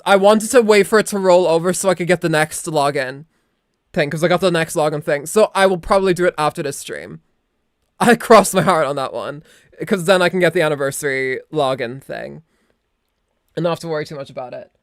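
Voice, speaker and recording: A woman's voice: deep voice, no echo. A young adult woman streaming as a VTuber, chatting casually and rambling, swearing now and then into a close desk mic. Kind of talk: casual live-stream chat.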